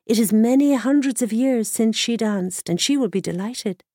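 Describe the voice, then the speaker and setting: Woman reading wise druid in bird form, calm, steady instructions, dry close sound. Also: a little high, normal speed, dry recording, pitched above the performer's own voice, natural voice. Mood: instructive.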